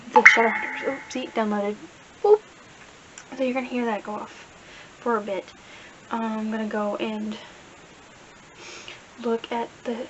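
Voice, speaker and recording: A young woman rambling casually about her reading in a vlog, full of fillers, recorded on a camera mic. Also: a little high. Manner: rambling, chatty, many fillers. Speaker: book vlogger. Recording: dull lo-fi camera audio with faint hiss.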